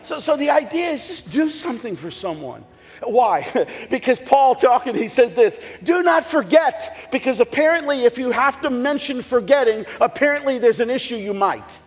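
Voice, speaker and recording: A pastor preaching a sermon in a church, telling stories with humor and sudden shouted lines. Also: male voice, very high voice, moderate pace. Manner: animated storytelling with jokes and bursts of shouting. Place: church sanctuary. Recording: long hall reverb, faint music behind.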